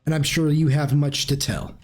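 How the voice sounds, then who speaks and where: A pale, bald half-drow assistant speaks with bemused courtesy and a snake-like flick of the tongue, as a man puts him on in a tabletop game. His voice sits fairly high. Soft music plays underneath. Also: steady tone, normal speed, natural voice. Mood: gracious.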